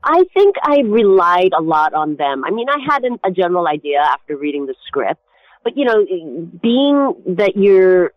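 A woman's voice: on the low side, sing-song, normal speed, no room sound. A woman, an actor guest, answering interview questions from home, rambling with frequent restarts. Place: home recording setup. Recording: tinny phone-like line.

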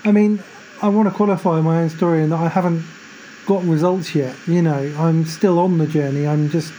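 A woman's voice: low voice, steady tone, normal speed, dark tone, a little hiss or hum, rough recording. A woman hosting a podcast, chatty and agreeable, filling her talk with "you know" and "like". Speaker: podcast host. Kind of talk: casual faith podcast chat.

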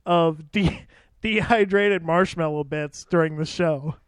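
Young dude cohost, high voice, teasing and laughing a lot, dry close sound. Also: male voice, slow, clear, resonant tone, no echo. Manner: joking, teasing, laughs often. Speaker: podcast co-host. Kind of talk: casual chat.

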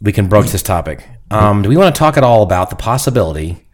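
A man's voice: on the low side, big pitch swings, fast talker. A man co-hosting a podcast in casual chat, teasing with joking questions. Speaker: podcast co-host.

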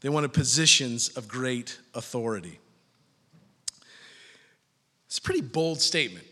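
A man's voice: medium pitch, measured pace. A middle-aged man preaching a sermon as a pastor, joking and telling stories and acting out the voices of the people he quotes. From California. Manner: animated, joking storyteller, acts out quoted voices. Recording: long hall reverb.

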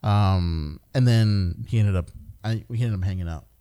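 A man's voice: fairly low pitch, measured pace, mellow, clean tone. A man telling a rambling, profane story in casual chat with friends, often laughing. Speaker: podcast regular telling a story.

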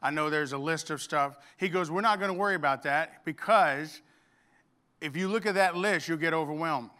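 Bright, clear-voiced pastor preaching. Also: male voice, on the high side, moderate pace. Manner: storytelling with humor, acts out dialogue. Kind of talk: sermon.

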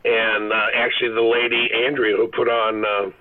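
A middle-aged male actor telling rambling, animated stories as a guest on a phone-in interview. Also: mid-range voice, normal speed. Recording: phone line.

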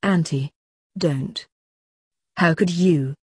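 A woman voicing a fussy, excitable male assistant who sounds indignant and exasperated. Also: deep voice, drawn-out words, husky, no room sound, clean studio sound, heavily acted.

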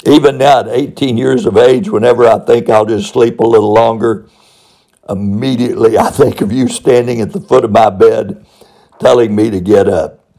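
A man's voice: medium pitch, steady tone, moderate pace, vocal fry, mellow, low-quality recording. A man quoting an earnest eighteen-year-old former student thanking his old principal.

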